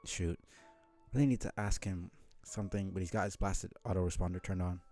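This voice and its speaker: A man's voice: sits low, steady tone, fairly quick, dark tone, soft background music, lightly acted. A man voicing a brash young male adventurer who blurts out old-fashioned exclamations. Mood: flustered.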